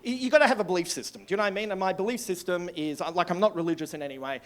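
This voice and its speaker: An Australian man in his sixties doing live stand-up comedy, rambling and sweary in an excitable storytelling manner. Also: sits high, rapid-fire. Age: 60s. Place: comedy club stage.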